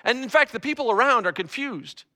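A man's voice: very high-pitched, lively intonation, a little fast, sharp tone. A man preaching a conversational sermon to a congregation in a church, often repeating words as he talks. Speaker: pastor.

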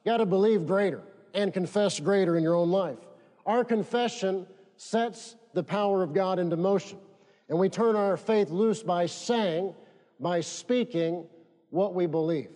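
A man's voice: high-pitched, unhurried, dark tone, long reverb tail. A man preaching a sermon, leading the congregation to repeat phrases after him. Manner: emphatic, leads congregation in call-and-response. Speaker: pastor.

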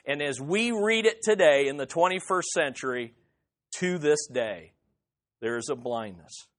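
Emphatic high-voiced male preacher. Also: animated, measured pace. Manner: emphatic, conversational, talks to the congregation by name. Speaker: pastor. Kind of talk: sermon teaching from scripture.

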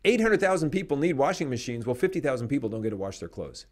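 A man hosting a podcast, speaking in an animated, emphatic way and laughing between points. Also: mid-range voice, quick pace. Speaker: podcast host. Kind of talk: conversational commentary.

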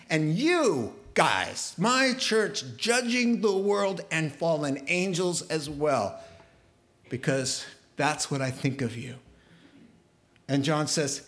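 A man preaching a sermon to his church in a lively, humorous, conversational way, getting fired up as he goes. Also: a little high, slow. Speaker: pastor.

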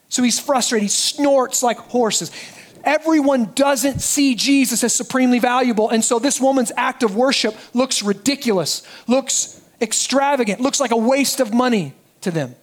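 A man preaching a sermon as pastor, animated and dropping his voice low and quiet for emphasis. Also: normal speed. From United States.

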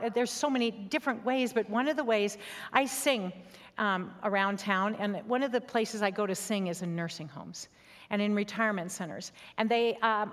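A woman giving an earnest, conversational sermon built around a personal story, sometimes dropping to a soft near-whisper. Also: mid-range voice, long reverb tail.

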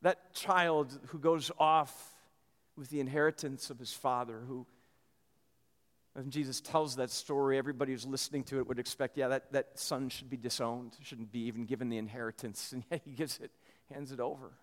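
A man preaching a sermon in a church, telling a story in a lively way with many restarts. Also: medium pitch, normal speed, big-room sound. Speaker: pastor.

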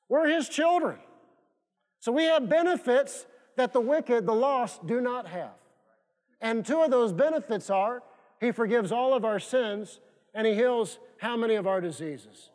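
High-voiced male pastor in a reverberant hall. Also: normal speed, a little mellow. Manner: repetitive, emphatic preaching with call-and-response prompts. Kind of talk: sermon. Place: church sanctuary. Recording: long reverb of a church hall.

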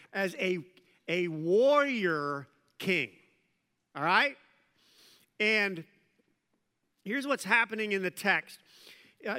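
This middle-aged pastor's voice sits high as he preaches in a large hall. His sermon retells a story with animated delivery, playful jokes, and asides.

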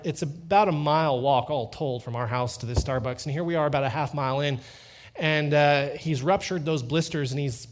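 A middle-aged man preaching a sermon, telling a family story with lively quoted dialogue and slowing down to stress key lines. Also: medium pitch. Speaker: pastor.

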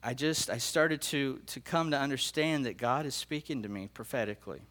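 A middle-aged pastor preaches to his congregation in an ordinary mid-pitched, fairly bright voice at a moderate pace. Sharing his prophetic dreams with feeling, he earnestly stops to restart and repeat phrases as emotion catches him.

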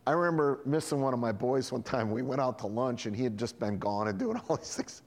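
This man's medium-pitched voice moves fairly quickly as he preaches from the pulpit of a church hall. He's an animated storyteller, voicing each person he quotes, and long hall reverb trails his words.

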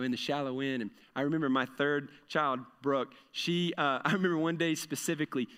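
A middle-aged man preaches in an earnest, conversational way, repeating phrases for emphasis. His voice sits a little high for a man. A long reverb trails each phrase, as if he were recorded in a large hall. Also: a bit bright, clear, resonant tone. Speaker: pastor. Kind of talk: sermon.

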